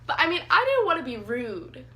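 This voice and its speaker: A young woman telling a story in a casual vlog, chatty and animated with lots of fillers. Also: sits high, a little fast. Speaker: vlogger. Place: sitting on the floor indoors.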